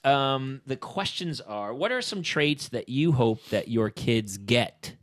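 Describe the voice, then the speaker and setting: A man's voice: mid-range voice, expressive, slow pace, a bit bright. A man hosting a podcast, chatting casually and joking along with his guest. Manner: jokey, plays along with bits. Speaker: podcast host. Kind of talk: casual interview chat.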